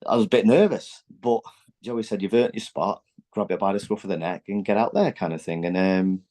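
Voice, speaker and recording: A man in his forties, a former footballer, telling animated stories in a candid podcast chat and acting out what his teammates said. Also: lowish voice, a little fast. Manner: animated, acts out quotes from teammates; loose, chatty, many fillers and restarts.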